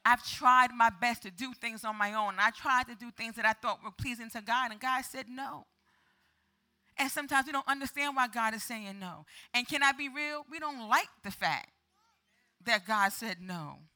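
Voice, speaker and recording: Woman preacher, high bright voice, dramatic call-and-response sermon. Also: moderate pace.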